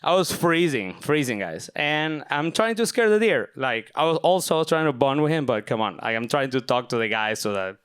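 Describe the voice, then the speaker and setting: Young man, smooth resonant storytelling voice. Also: medium pitch, very animated, normal speed, few pauses, fairly bright tone. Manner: casual, self-mocking, filler-heavy. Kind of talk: live personal storytelling. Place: stage at a live event.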